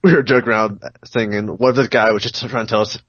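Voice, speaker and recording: A man's voice: on the low side, steady tone, quick pace, a bit bright, no echo, lo-fi sound. A man on a casual podcast who tells a rambling story and swears often. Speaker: podcast co-host. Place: home on an online call.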